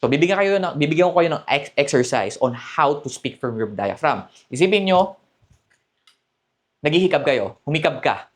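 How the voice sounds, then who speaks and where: A man's voice: on the high side, lively intonation, a little fast. A man with a Filipino accent coaching men on dating, switching between Tagalog and English and often checking in with "okay?". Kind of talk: coaching talk to camera.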